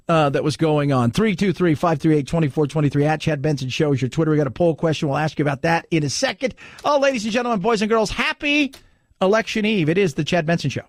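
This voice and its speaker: A man's voice: fairly high pitch, dry recording, clean studio sound. An American man hosting a talk radio show, telling a rambling story with many restarts. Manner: chatty storyteller, lots of restarts and "he goes".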